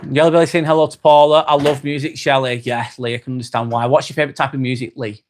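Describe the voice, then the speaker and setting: A man's voice: medium pitch, level tone, fast talker, slight background noise. A young English man hosting a casual livestream, chatting and reading out viewers' comments with frequent fillers and repeated phrases. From England. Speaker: livestream host.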